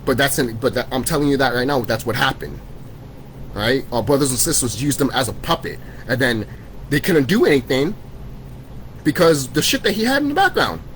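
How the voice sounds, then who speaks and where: An angry vlogger rants to camera about conspiracies in a mid-range, expressive voice, talking a little fast. He swears constantly, repeats himself and restarts sentences while scolding his viewers. The low-quality recording carries slight background noise.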